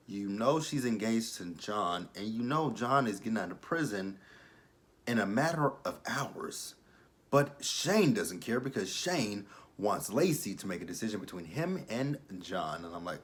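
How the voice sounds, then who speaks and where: A man around thirty reviewing a reality show in casual commentary, animated and profane with rambling asides. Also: fairly low pitch, moderate pace.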